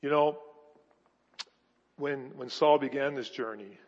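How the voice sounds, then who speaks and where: A man's voice: medium pitch, slow pace. Man preaching a sermon in a reverberant hall. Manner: emphatic, with many restarts. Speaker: pastor. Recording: dull, echoey hall recording.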